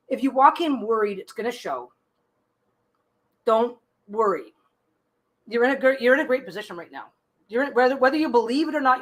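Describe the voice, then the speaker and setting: A woman's voice: a little high, a bit bright. A woman reading tarot cards on a casual live stream. She gives chatty, reassuring advice, often restarting and repeating her phrases.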